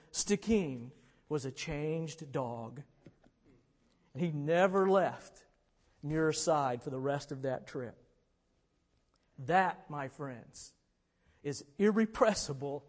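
A man preaching, a dramatic storyteller who swings from hushed to loud. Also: on the high side, expressive, slow pace, pauses often. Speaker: pastor. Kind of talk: sermon storytelling. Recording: long reverb in a hall.

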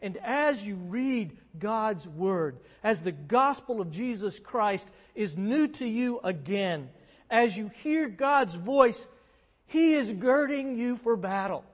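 A man's voice: high voice, lively intonation, slow pace. A man preaching as a pastor, earnest and conversational, driving points home with emphatic repetition. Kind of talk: sermon. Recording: long hall reverb.

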